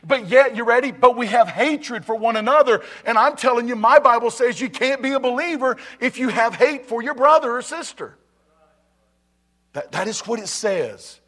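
A man's voice: very high voice, expressive, normal speed, fairly bright tone. A male pastor preaching a conversational sermon to his church, often repeating phrases and asking the congregation if they are ready. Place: church sanctuary.

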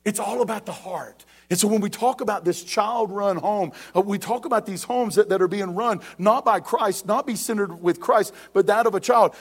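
A middle-aged man, a pastor preaching a sermon to his church, growing loud and emphatic on repeated questions. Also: sits high, moderate pace, few pauses, slightly rough.

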